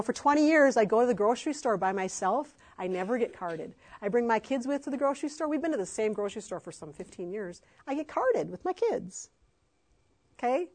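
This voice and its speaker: A middle-aged woman, an adoptive mother, gives a faith-based talk to parents, speaking passionately and emphatically with frequent fillers. Her voice is a little high and a little mellow.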